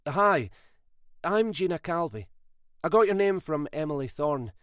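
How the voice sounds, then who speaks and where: Man doing a higher young woman reporter, brisk, rehearsed, audiobook, dry. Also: lively intonation, fairly bright tone, no echo. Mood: eager. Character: eager young woman journalist on phone.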